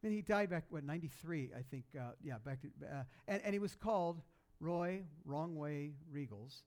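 Guy preaching, chatty storyteller, slightly high voice, gets loud and then goes soft. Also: normal speed. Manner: animated storytelling, loud and rising when excited, soft and low at sad moments; conversational, with many fillers and restarts. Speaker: pastor. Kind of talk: sermon storytelling.

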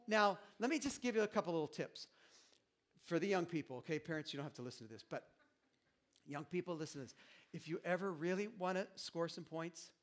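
A middle-aged man preaching a sermon as pastor, animated and jokey, acting out little quoted asides to the congregation. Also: high voice.

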